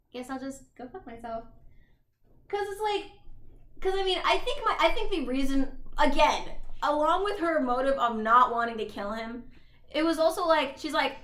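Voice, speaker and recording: A young woman with a high voice chats casually on a podcast, recapping a story and slipping into the characters' voices as she goes. She swears freely. The room is echoey. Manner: animated retelling with quoted dialogue, swearing, laughing. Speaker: podcast co-host. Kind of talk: casual chat. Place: apartment.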